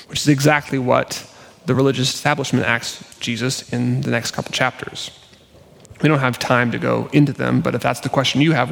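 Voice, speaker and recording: A man's voice: mid-range voice, level tone, brisk, vocal fry, a bit bright. A male pastor giving a sermon in an earnest, conversational, self-deprecating way. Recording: long reverb of a church hall.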